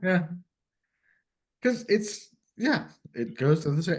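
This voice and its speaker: A man co-hosting a podcast in casual chat, blunt and quick to laugh. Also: high-pitched, sing-song. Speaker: podcast co-host.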